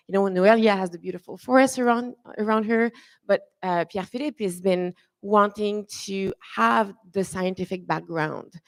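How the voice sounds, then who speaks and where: A woman moderating a conference panel, chatty and warm to her guests, with many fillers and restarts. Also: mid-range voice, no room sound. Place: conference room.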